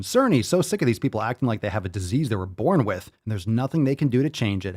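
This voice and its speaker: A man's voice: fairly low pitch, big pitch swings, fast talker, hardly any pauses, darkish tone. Profane, hyped-up man host. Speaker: podcast host. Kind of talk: live-stream chat reading comments.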